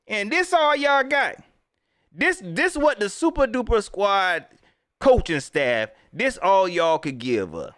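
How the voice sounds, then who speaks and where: Animated, dry-sounding fan host man. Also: measured pace, smooth, dry recording. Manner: animated, swinging between loud outbursts and low mutters; Southern colloquial speech, mocking impressions of coaches. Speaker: sports fan channel host. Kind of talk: casual fan commentary to a livestream.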